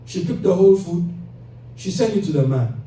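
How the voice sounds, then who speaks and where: High-voiced preacher in an echoey mosque. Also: male voice, animated, moderate pace, warm tone. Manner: tells moral stories, acting out voices of characters. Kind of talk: mosque sermon with storytelling. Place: mosque hall. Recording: echoey hall recording from far off.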